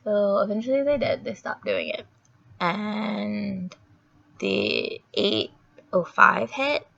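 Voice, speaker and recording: Speaking at a moderate pace in a gravelly mid-range voice, this young female vlogger has a sore throat as she casually rambles through a story. Her retelling is lively and full of fillers, captured on a dull, lo-fi recording.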